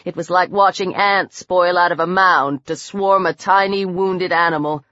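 A woman narrating a horror novel in a measured, dramatic reading. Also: fairly low pitch, fairly even intonation, pushed and bright, no echo. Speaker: audiobook narrator. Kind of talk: scripted narration. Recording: dull dry audiobook recording.

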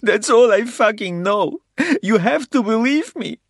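A man's voice: on the high side, lively intonation, normal speed, fairly bright tone, breathy edge, no echo, clean studio sound, pitched above the performer's own voice. A man voicing a wounded Russian agent who pleads and sobs under interrogation. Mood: terrified pleading. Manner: sobbing, pleading, gasping in pain. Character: wounded, terrified male Russian agent captive.

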